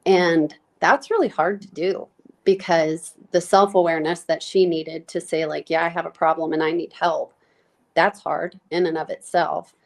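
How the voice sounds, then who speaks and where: A woman guest recounting her life in a podcast interview, her voice on the lower side. She speaks haltingly and with feeling, full of fillers and restarts, sounding close to tears. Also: steady tone, creaky. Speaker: nurse practitioner guest. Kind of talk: candid personal interview.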